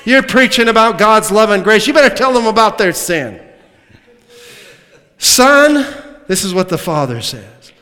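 A man preaching a sermon as a pastor, swinging from loud emphatic lines to hushed asides, with humorous remarks. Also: high voice, expressive, brisk, hardly any pauses. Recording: long reverb of a large hall.

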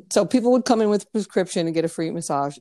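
A woman's voice: mid-range voice, expressive, a little fast, a little mellow, no room sound, clean studio sound. Chatty woman who laughs and swears. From United States. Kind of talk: casual chat, telling anecdotes.

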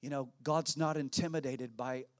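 A man preaching a sermon as pastor, slow and emphatic with many repetitions, dropping to hushed tones and rising to shouts. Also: medium pitch, steady tone. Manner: dramatic swings from hushed to shouting.

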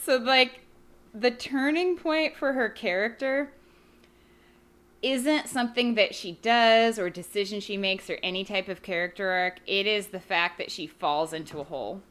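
A woman chatting casually about a movie as a podcast co-host, frank and quick to laugh. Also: mid-range voice. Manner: laughing, frank, animated storytelling. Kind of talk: casual movie review chat.

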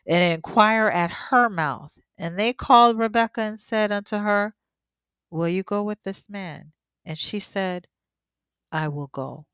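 A woman reading scripture aloud at a steady pace and breaking in now and then with emotional asides of her own. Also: medium pitch, measured pace, smooth, no echo. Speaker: scripture teacher.

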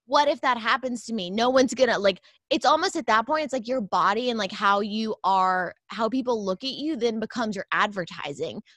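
A woman's voice: a little high, lively intonation, a little fast, hardly any pauses, a bit bright, no room sound. A woman who is a yoga teacher and new personal trainer, speaking hesitantly with many fillers in a casual chat. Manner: hesitant, filler-heavy, openly insecure.

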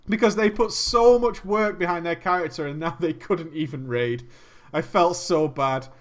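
A man telling a comic gaming story in an animated way, laughing and swearing often. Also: a little high, normal speed.

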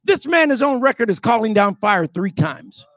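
Fiery male preacher, high voice, shouting, dry close sound. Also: big pitch swings, normal speed, no echo. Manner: emphatic, often shouting, rhetorical calls to the crowd. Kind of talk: sermon.

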